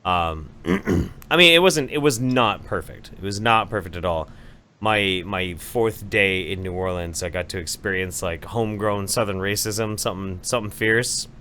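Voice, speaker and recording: A man casually telling a long anecdote on a podcast, profane and animated, acting out voices as he goes. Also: deep voice, normal speed, slight background noise. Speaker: podcast co-host. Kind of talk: casual storytelling chat.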